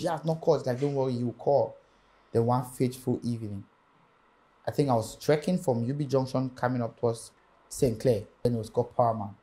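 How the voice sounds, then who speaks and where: A young man and music artist telling a lively story in an interview, acting out the people he quotes. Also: medium pitch.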